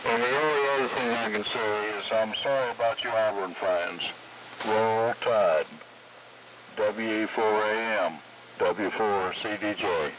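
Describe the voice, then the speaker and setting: A man's voice: lowish voice, steady tone, unhurried, crowd noise. A man, checking in on an amateur radio net in a folksy, plainspoken way, heard over distant lo-fi radio with static. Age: 70s. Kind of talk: ham radio chat.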